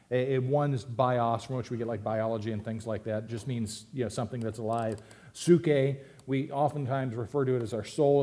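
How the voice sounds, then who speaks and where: Mellow-voiced man preaching a sermon. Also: mid-range voice. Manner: conversational preaching, emphatic rises and asides. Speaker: pastor.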